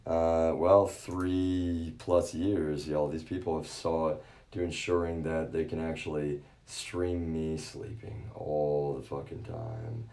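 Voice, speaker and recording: A man streaming live, ranting with heavy swearing and constant repetition, swinging from low muttering to shouts. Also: level tone, slow pace. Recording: echoey room.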